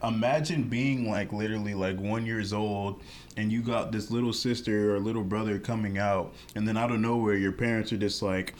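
A young man with a fairly low voice, talking loosely and relaxed on a podcast. He sums things up casually, and a faint noise hums under the recording. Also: normal speed. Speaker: podcast co-host. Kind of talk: casual chat.

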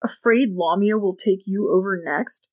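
A woman voicing a brash teenage boy, a loyal best friend who talks loud and sneers. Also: medium pitch, measured pace, lightly acted. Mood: angry.

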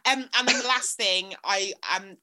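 A woman co-hosting a podcast, chatty and animated, jumping up in pitch when she stresses a point. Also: normal speed. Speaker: podcast co-host. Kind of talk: casual chat.

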